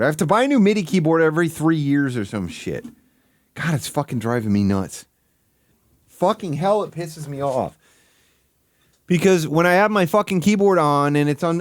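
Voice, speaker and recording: A man hosting a live stream, ranting with heavy swearing and swinging between loud outbursts and low mutters. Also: no echo. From Michigan. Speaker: livestream host. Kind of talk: casual stream commentary.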